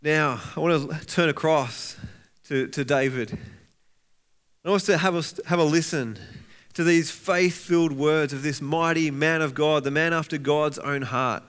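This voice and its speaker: A man's voice: a little high, steady tone, a little slow, a bit bright, clean tone. A man preaching a sermon as a pastor, earnest and heartfelt, reading scripture aloud with rising intensity and often restarting his words. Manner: frequent restarts and repeated words.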